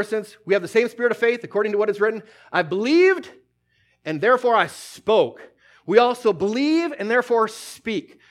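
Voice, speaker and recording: High-voiced preacher giving a sermon. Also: male voice. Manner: animated storytelling, acts out scenes, quotes scripture.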